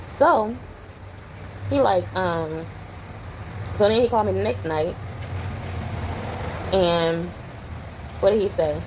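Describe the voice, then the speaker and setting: A young adult woman chats casually to camera in her home. Her voice sits a little low, and she tells her stories with lots of back-and-forth. A faint hum of background noise runs under the recording. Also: slow, pauses often, low-quality recording. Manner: chatty storytelling, animated when retelling. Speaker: vlogger. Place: home, indoors.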